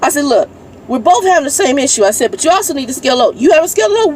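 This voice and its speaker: Lady trucker venting in her cab, kinda high voice, bit of hum behind, swears a lot. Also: big pitch swings, rapid-fire. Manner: irritated, blunt, swears, reads messages aloud. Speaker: truck driver vlogger. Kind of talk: ranting casual vlog. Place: inside a parked truck cab.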